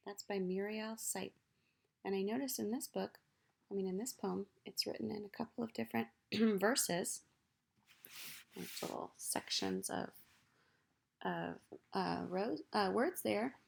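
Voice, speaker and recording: A woman teacher reading poems aloud and gently encouraging children to write their own. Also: medium pitch, a little slow, vocal fry, breathy edge.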